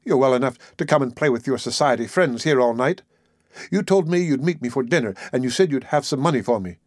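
A man's voice: medium pitch, lively intonation, quick pace, no room sound, natural voice. A man reading the part of a brash, sardonic young working-class woman who talks back defiantly, recorded dry. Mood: reproachful. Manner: defiant, snappish.

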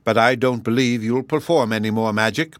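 A calm, stern dragon, read by a male narrator, speaking quietly and slowly with cold control. The voice sits in a middle range and sounds dry and close. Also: mid-range voice, no room sound, lightly acted.

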